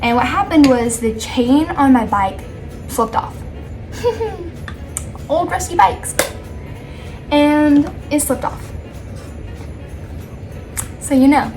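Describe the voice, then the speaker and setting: A woman telling a casual storytime while doing her makeup, chatty and rambling, with frequent laughs and asides. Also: high voice. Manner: chatty and animated, laughing often. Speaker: storytime vlogger.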